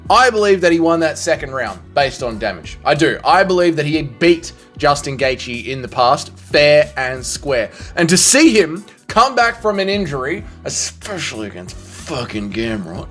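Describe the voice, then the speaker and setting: Opinionated sports vlog guy, swears a lot, higher voice, faint music behind. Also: sing-song, moderate pace, few pauses, a bit bright. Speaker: commentary vlogger. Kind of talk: casual sports commentary.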